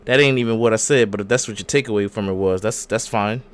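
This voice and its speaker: A man's voice: fairly low pitch, fast talker, smooth. A young man hosting a casual wrestling podcast, bantering with his co-hosts and recapping matches with exaggerated voices. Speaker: podcast host.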